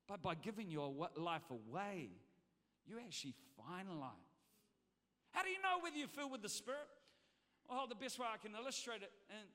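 A man preaching a sermon to a congregation, swinging between shouted exhortation and chatty, humorous storytelling. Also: high voice. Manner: humorous, conversational asides to the congregation. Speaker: pastor. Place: church hall. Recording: long reverb of a large hall.

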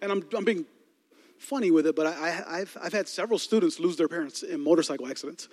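A man's voice: fairly high pitch, fast talker, a little mellow. A man preaching a sermon as a pastor, telling comic stories with asides to the congregation. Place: large church hall. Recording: long hall reverb.

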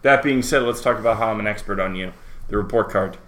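A man's voice: fairly low pitch, fast, fairly bright tone. A man co-hosting a casual podcast, talking bluntly and sardonically with plenty of swearing. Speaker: podcast co-host. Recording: roomy echo.

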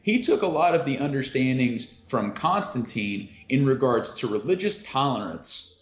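A man's voice: medium pitch, lively intonation, normal speed. Man, casual podcast co-host, fillers and swearing, roomy room, dull lo-fi sound. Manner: casual, many fillers, swears, laughs easily. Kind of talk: casual history chat. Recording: roomy lo-fi audio.

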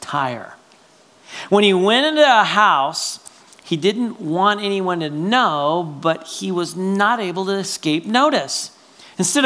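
A man preaching a sermon as pastor, talking in a conversational, animated way, often checking in with "right?", and swinging between loud exclamations and quiet asides. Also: on the high side.

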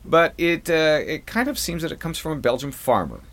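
A man's voice: on the high side, a little fast. A man telling a news story in a casual chat, laughing often as he goes. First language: not French. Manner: chuckling, animated storytelling. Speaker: co-host.

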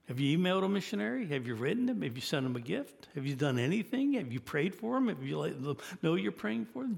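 A man's voice: high voice, sing-song, quick pace, gravelly, few pauses. A man in his eighties preaching a sermon, earnest and building to emphatic exhortation. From United States. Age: 80s. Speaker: guest preacher.

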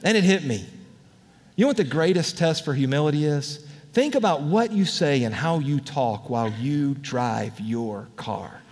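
A man preaching a sermon as pastor, in a candid, conversational way with lively asides. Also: a little high, normal speed. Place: church auditorium. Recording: long reverb of a large hall.

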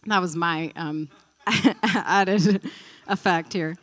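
A woman's voice: lowish voice, drawn-out words. A woman teaching a Bible study in a conversational, thinking-aloud way, acting out the stories she tells. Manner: animated storyteller, acting out quotes.

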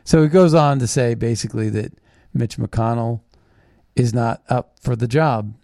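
A man's voice: medium pitch, a little slow, mellow, no room sound, studio quality. A man hosting a political commentary show, reading news items and reacting in a blunt, scornful, combative way. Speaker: host.

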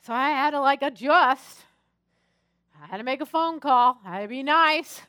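A woman pastor preaching a sermon, telling personal stories in an animated, chatty and humorous way. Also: sits high, normal speed, no echo, clean studio sound.

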